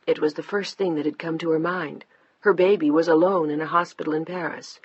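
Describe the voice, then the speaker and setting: A measured audiobook narrator reading a novel in an even storytelling voice. The tone is husky and the recording dry and muffled. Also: mid-range voice, dry recording. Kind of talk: scripted narration.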